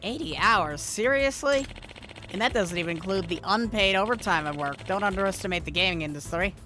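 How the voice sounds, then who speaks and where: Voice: medium pitch, fast, sharp tone, soft background music. A streamer casually reading video game dialogue aloud, with wry asides.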